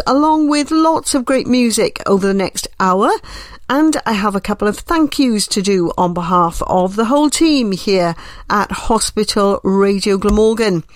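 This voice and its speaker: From home, a woman hosts a hospital radio show in a gentle, reassuring manner. Her voice is medium-pitched and slightly nasal.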